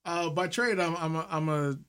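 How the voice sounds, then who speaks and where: A man's voice: fairly high pitch, normal speed, fairly bright tone, clean tone. A man guesting on a radio show, talking casually about his podcast in an earnest, hesitant way, with lots of fillers. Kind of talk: casual interview chat.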